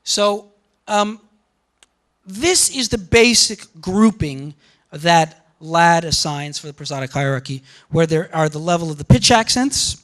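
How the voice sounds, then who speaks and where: Male linguistics lecturer, higher-pitched voice, energetic, emphatic classroom delivery. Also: unhurried. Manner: animated, repeats words for emphasis, asks "okay?" and "yeah?" to the room. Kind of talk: university lecture.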